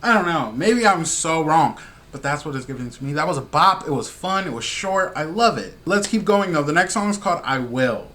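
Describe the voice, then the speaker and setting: A man chats casually about songs he has just heard, gushing and slangy throughout. His voice sits a little high for a man, and his tone stays excitable. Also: fairly quick. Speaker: music reaction host. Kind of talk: casual reaction commentary.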